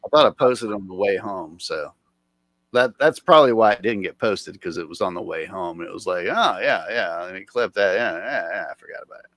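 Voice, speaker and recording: A man chatting casually on a live stream, animated and swearing as he talks to his chat and a friend. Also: low-pitched, fairly quick, dry recording. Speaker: livestreamer.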